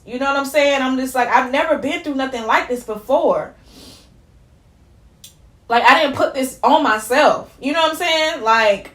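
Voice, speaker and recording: A young woman vlogger tearfully telling a personal story in a candid, conversational way, her voice dropping as she fights back tears. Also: fairly high pitch. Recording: echoey room.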